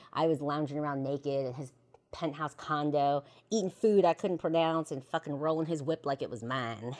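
Low-voiced woman telling blunt stories. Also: a little mellow. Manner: profane, slangy, and laughs often. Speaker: podcast host. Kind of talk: personal storytelling monologue.

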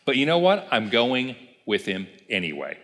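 A man's voice: mid-range voice, big pitch swings, moderate pace, a bit bright. A man voicing a pessimistic male apostle who is resigned to dying but goes along anyway. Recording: roomy hall with long reverb.

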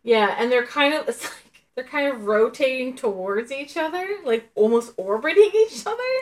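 A woman's voice: sits high, expressive, normal speed. A woman co-hosting a podcast, retelling a cartoon episode in casual chat, laughing often and using lots of fillers. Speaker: podcast co-host.

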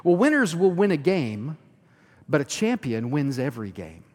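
A man preaching a sermon as pastor, rising to loud emphatic lines and dropping to hushed near-whispers. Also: a little high, big pitch swings, moderate pace. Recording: long hall reverb.

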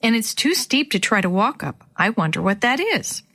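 A woman's voice: mid-range voice, sing-song, normal speed, pushed and bright, full character voice. Woman voicing a scared young girl in a storybook. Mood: worried, hopeful. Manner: timid, talking herself through her fear. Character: frightened but brave young girl.

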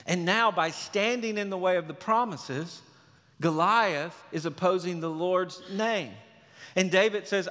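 High, bright-voiced preacher in a hall. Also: male voice, unhurried. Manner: animated storytelling, emphatic. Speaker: pastor. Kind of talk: sermon. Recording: reverberant hall.

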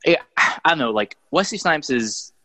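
Animated young man, dry close sound. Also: fairly high pitch, normal speed, no echo, rough recording. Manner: animated, excitable, lots of fillers. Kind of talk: casual chat.

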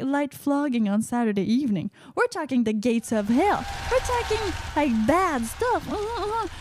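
High, lively woman host. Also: no echo, studio quality. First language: French. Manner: playful, chatty, sprinkles "uh-huh" affirmations. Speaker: radio host. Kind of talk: casual radio monologue.

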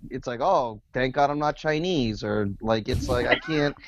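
A man, a stand-up comedian, who laughs a lot and talks in a halting way with friends. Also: mid-range voice, dull audio, background noise. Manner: laughs often, slow, halting talk. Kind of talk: casual chat among comedians.

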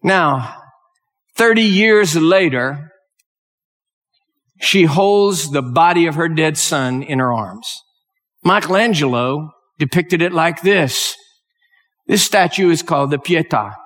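A male preacher delivers a sermon, telling a story that builds into impassioned exhortation. His voice sits high for a man. It rings out with a long reverb, as in a large hall. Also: lively intonation, slow pace, long pauses, fairly bright tone. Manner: emotional, rising to impassioned exhortation.

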